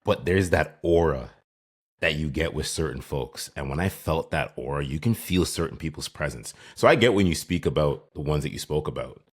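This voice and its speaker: Very deep-voiced male podcast host. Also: animated, moderate pace, breathy edge. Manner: encouraging, affirming, asks long questions. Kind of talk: casual interview talk.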